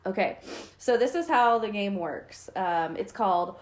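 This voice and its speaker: A woman co-hosting a relaxed podcast with her husband. She teases him cheerfully and laughs easily, her voice pitched in the middle for a woman. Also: a little slow. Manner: cheerful, laughs often, teasing. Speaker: podcast co-host. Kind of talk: casual chat.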